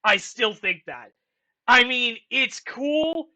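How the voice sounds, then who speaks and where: A young man giving casual, rambling commentary as a channel host, excitable and swearing often. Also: extremely high pitch, slow pace. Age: young adult. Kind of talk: casual commentary ranking a franchise.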